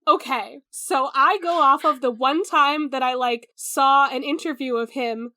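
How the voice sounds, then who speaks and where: Woman co-host, casual podcast chat, high voice, dry close sound, rambling. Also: measured pace, bright, forceful tone, no echo. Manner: rambling, stumbles over pronunciations.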